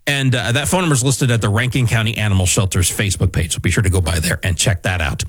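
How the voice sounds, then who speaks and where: A man's voice: lowish voice, quick pace, few pauses, dry recording. A man hosting a morning radio segment, talking loosely with frequent fillers from a studio microphone. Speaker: radio host.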